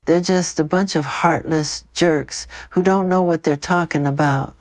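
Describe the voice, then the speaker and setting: A synthetic voice with a woman's timbre, playing a gentle adult male pop star who comforts a fan in an AI chat role-play, speaking softly and affectionately. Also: deep voice, steady tone, measured pace, dry recording. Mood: soothing. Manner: soft, soothing, affectionate speech.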